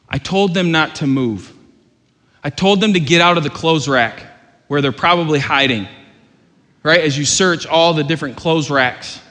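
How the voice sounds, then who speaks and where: A man preaching a sermon as pastor, earnest and rising to loud, urgent questions. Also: on the high side. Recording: long hall reverb.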